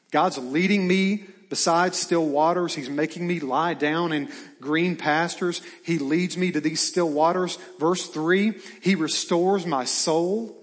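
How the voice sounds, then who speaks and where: A man's voice: a little high, in a large hall. A man preaching a sermon, asking rhetorical questions and reading scripture aloud. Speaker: pastor.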